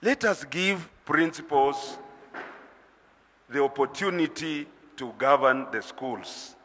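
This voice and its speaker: A man who sits on a school board, speaking in a measured, deliberate way at a public meeting. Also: fairly high pitch, a bit bright, in a large hall. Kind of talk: formal public speech.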